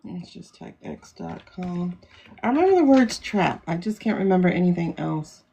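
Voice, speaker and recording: Chatty livestream host woman, gravelly. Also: lowish voice, big pitch swings, moderate pace, mellow. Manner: chatty, rambling, laughs often. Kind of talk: casual livestream chat.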